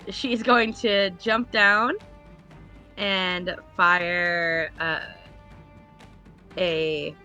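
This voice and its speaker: Slow bright-voiced woman game master. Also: lowish voice, vocal fry. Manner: halting, many fillers. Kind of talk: running a tabletop game.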